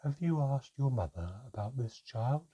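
A man voicing a calm, terse older female goblin who speaks slowly and quietly. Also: medium pitch, breathy edge, lo-fi sound, voice pushed up. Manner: slow, quiet and measured.

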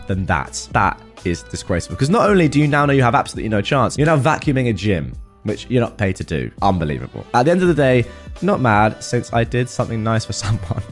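A man's voice: medium pitch, fast talker. A man reading reddit posts aloud and adding wry comments, with faint music behind him. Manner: wry, animated commentary with frequent laughs. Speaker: reddit storytime host.

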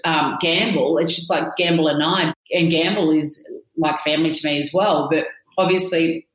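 A woman with a notably low voice chats and tells animated stories, laughing often. She sounds like she is in an echoey room. It is a relaxed, casual conversation. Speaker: podcast co-host. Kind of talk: casual chat.

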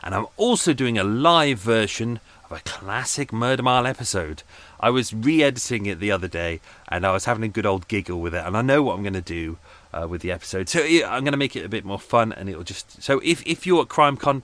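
A man hosting a podcast, chatting in a loose, rambling way and often laughing at himself as he restarts his sentences. His voice sits on the low side, and the room is very dry, with no echo. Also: lively intonation, fairly quick, a bit bright. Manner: chatty, rambling, self-deprecating, with frequent restarts. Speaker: podcast host. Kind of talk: casual chat. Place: at home on a boat.

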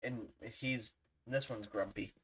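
Slow, halting speaker in casual stream chat. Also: mid-range voice, steady tone, fairly bright tone, husky. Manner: halting, filler-heavy, laughs often. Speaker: livestream podcast co-host.

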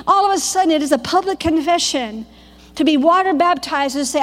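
A woman's voice: sits high, brisk, long reverb tail. A woman teaching a Bible school class as a fervent, preacherly sermon, breaking into quoted prayers and conversational asides.

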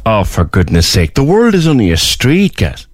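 A man's voice: on the low side, wildly swooping pitch, moderate pace. A man with a Cork Irish accent hosting a casual radio interview and asking curious questions. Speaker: radio host.

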